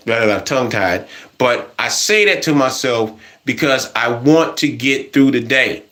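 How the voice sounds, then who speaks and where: A man's voice: medium pitch, fairly bright tone. A man talking casually in a motivational vlog, repeating earnest, encouraging affirmations to himself and to viewers. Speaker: motivational vlogger. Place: home washroom.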